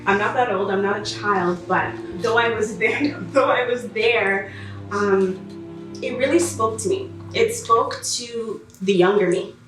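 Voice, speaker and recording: A woman's voice: mid-range voice, a little slow. A young woman speaking earnestly and reflectively as a guest in a casual group chat. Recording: roomy room from a distant mic, music behind.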